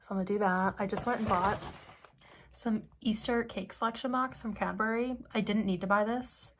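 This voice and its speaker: A woman's voice: mid-range voice, fairly even intonation, normal speed, a little hiss or hum. Young woman vlogger, mid-range voice, chatty and rambling, phone-camera sound. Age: young adult. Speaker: study-abroad student vlogger. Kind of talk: casual vlog chat.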